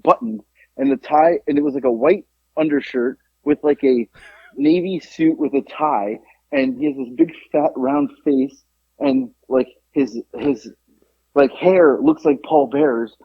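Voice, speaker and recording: A man's voice: medium pitch, unhurried, slightly rough, no echo. A middle-aged man co-hosting a podcast, telling a funny story in casual chat, swearing and laughing often. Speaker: podcast co-host. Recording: dry, dull lo-fi sound.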